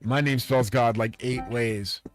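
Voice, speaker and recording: This man's medium-pitched voice stays fairly even and unhurried as he delivers a profane, agitated, grandiose ranting monologue to his live-stream viewers. Loud music runs behind his voice.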